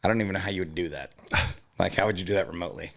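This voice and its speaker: Chill comedian guy on a podcast, kinda gravelly, joking around. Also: low-pitched, racing, a bit bright. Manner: laid-back, joking, self-promoting. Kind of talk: casual comedic chat.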